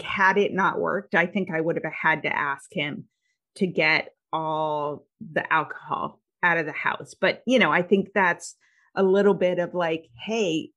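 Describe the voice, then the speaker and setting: A middle-aged woman hosting a podcast, telling stories in a candid, animated way with lots of fillers. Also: fairly low pitch. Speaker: podcast host. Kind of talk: casual conversation.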